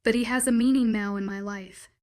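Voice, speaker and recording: A woman narrating a first-person romance story in a steady storytelling read. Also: fairly high pitch, fairly quick.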